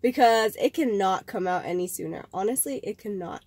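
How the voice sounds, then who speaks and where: A woman's voice: medium pitch, expressive, brisk, a little mellow, breathy edge, no room sound. A young woman hosting a casual vlog, talking to camera in a chatty, rambling way and sounding a little nasal from a cold. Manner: chatty, rambling, with fillers and restarts. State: slightly nasal, getting over a cold. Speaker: vlog host.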